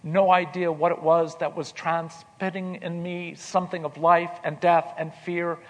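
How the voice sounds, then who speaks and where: A man telling a personal story in an earnest way, repeating words as he starts and going quiet in tender moments. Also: fairly high pitch, little pitch movement, unhurried, in a large hall. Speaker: speaker telling his life story.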